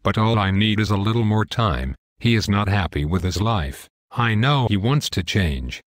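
Man doing a hopeful angel, calm low voice, dry close sound. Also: no room sound, natural voice. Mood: earnest. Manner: calm, earnest and measured. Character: patient, hopeful male angel pleading for more time. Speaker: pastor. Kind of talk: one-man dramatized dialogue.

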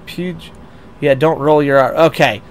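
A man's voice: on the high side, fairly even intonation, a little slow. A young American man streaming a racing game, chatting casually and rambling with lots of restarts and self-deprecating asides. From United States. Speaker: VTuber streamer. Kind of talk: casual livestream chat, reading chat aloud.

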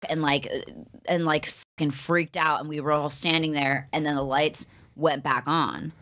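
A woman's voice: deep voice, fairly even intonation, normal speed, fairly bright tone. A woman from Pennsylvania, a podcast guest, telling a spooky story in a casual, profane way full of "like" fillers.

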